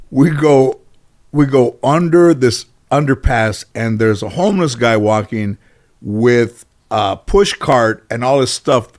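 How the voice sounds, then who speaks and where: A middle-aged man, a guest in an interview, telling casual stories in a rambling way full of "you know". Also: mid-range voice. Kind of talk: casual storytelling.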